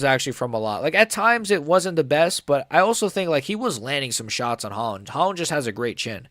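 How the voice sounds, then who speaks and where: A man's voice: fairly high pitch, very animated, a little fast, hardly any pauses, fairly bright tone, no room sound, clean studio sound. Casual young man rambling fight talk. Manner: rambling, filler-heavy, says "like" and "bro" often. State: voice cracking upward at times. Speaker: host of a live fight reaction stream. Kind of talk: casual live reaction chat.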